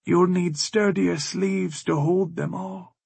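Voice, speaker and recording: A man's voice: sits high, steady tone, slow pace, creaky, darkish tone, husky, dry recording, voice pushed up, full character voice. A man reading an audiobook, voicing a cold, scheming, otherworldly woman who speaks in cryptic taunts. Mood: taunting. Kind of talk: audiobook character voice.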